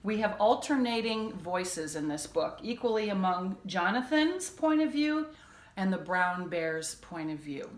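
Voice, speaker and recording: A woman teacher reads a children's chapter book aloud, recapping the story casually and then reading with expression. Her voice sits at a middling pitch, and the room adds a noticeable echo. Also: animated, a little slow. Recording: echoey room.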